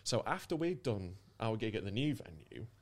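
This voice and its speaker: A man telling a comic story on a podcast, his pitch leaping and dipping as he goes. He swears freely and breaks into laughter mid-line, in a loose, casual chat. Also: normal speed. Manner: animated anecdote-telling, swears often, laughs mid-sentence. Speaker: podcast co-host.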